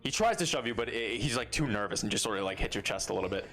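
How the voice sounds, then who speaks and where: A man's voice: lowish voice, lively intonation, very fast, a bit bright, faint music behind. A man narrating a tabletop game as game master in a loose, filler-heavy way.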